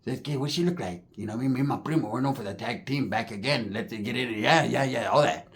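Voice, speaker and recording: This comic storyteller talks fast in a mid-range voice, using slangy street language. He acts out the people in his story with lively, animated voices.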